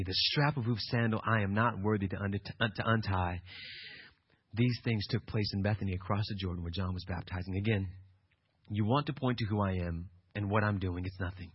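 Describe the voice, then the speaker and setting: Pastor guy preaching hard, goes quiet then loud, kinda husky, dull dry sound. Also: on the low side, dry recording. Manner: emphatic, swings from quiet to loud. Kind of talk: sermon.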